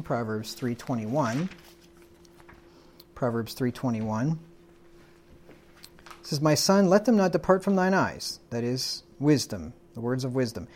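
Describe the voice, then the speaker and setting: A man's voice: medium pitch, darkish tone. A man preaching, explaining scripture verse by verse in an emphatic, teaching manner, often repeating words as he goes. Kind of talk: sermon, verse-by-verse Bible teaching.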